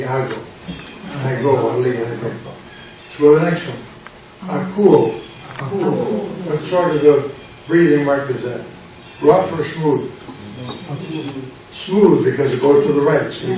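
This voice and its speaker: An older American pastor with a slightly high, darkish voice runs a Greek lesson built around drills in a church classroom. He quizzes students, repeats words and enjoys playful puns. The distant mic picks up lots of echo and noise.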